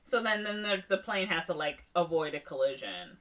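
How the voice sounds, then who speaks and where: A woman's voice: lowish voice, very animated, moderate pace, a bit bright, far from the mic. Rambling woman recapping a movie, off-mic. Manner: rambling, filler-heavy retelling with many "like" and "um". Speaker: podcast co-host.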